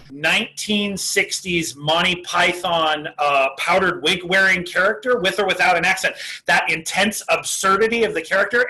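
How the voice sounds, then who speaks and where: A man's voice: high voice, sharp tone. A man who is a podcast guest, chatting thoughtfully and restarting sentences as he works out his ideas. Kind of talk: casual chat.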